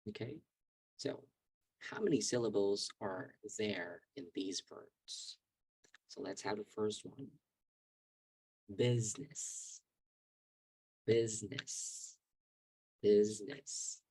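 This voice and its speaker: Husky male teacher on a video call. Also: fairly low pitch, dry recording, poor audio. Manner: patient, drills words slowly for pronunciation. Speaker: English teacher. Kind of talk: online language lesson.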